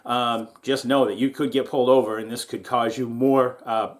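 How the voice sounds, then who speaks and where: Partly outdoors in a strong wind, a middle-aged welding YouTuber talks casually, mixing instructions and storytelling, laughing frequently and addressing viewers as "guys." His mid-range voice holds a steady tone at normal speed.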